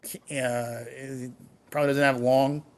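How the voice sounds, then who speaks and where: A man's voice: mid-range voice, flat delivery, a little slow. A man co-hosting a podcast in casual banter, teasing and repeating himself to needle his partner. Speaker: podcast co-host.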